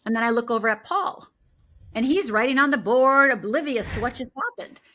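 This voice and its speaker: A woman's voice: a little high, expressive, brisk, bright, forceful tone, slight background noise. A middle-aged woman, a life coach, telling a personal story in an interview and acting out the voices she quotes.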